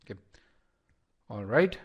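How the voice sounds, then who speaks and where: A man's voice: takes it slowly, highs cut off. A man leading a live online test-prep lesson, talking straight to his students with frequent repeated words and restarts. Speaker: instructor.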